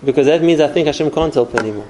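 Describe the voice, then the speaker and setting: A man's voice: a little high, very fast, warm tone, a little hiss or hum, poor audio. A man giving an earnest spoken Torah class, explaining step by step with numbered points. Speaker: Torah teacher.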